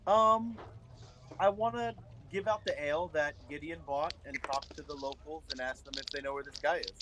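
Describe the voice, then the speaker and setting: A man's voice: on the high side, normal speed, fairly bright tone. A man playing a tabletop game, hesitantly working out his moves aloud. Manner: hesitant, thinks aloud with fillers. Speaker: player. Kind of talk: casual tabletop game play.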